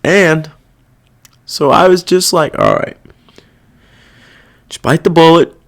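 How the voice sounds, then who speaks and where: A man with a fairly high voice and noticeable vocal fry talks slowly through a casual monologue on his solo podcast. Irritated and swearing, he rambles and repeatedly loses track of what he was saying.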